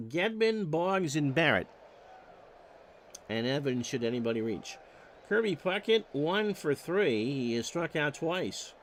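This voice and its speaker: A man's voice: on the high side, a bit bright, a little hiss or hum. A man calling baseball play-by-play, reading off stats with wry joking asides. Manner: stat-heavy calls with wry joking asides. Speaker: play-by-play announcer.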